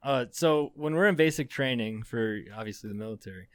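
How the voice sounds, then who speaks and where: A man's voice: mid-range voice, fairly quick, no echo. A young adult man, a podcast co-host, telling a rambling story in casual chat, swearing often and laughing as he goes.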